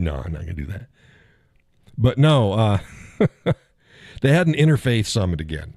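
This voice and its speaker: A man's voice: fairly low pitch, big pitch swings, moderate pace, pauses often, darkish tone, no room sound, clean studio sound. A man hosting a casual livestream, rambling and chuckling as he answers viewers in the chat. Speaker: live stream host.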